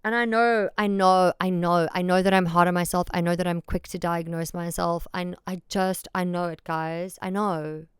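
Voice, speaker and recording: A woman's voice: on the low side, fairly even intonation, moderate pace, hardly any pauses, clean tone, no room sound, studio quality. A woman hosting a solo podcast, talking candidly and emphatically, often repeating herself and swearing freely. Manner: frank and self-deprecating, swears freely. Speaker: podcast host.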